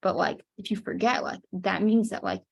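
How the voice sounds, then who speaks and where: A woman's voice: medium pitch, fairly even intonation, normal speed, vocal fry. A woman student offering an idea in class, tentative and full of "like" fillers. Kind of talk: casual class comment.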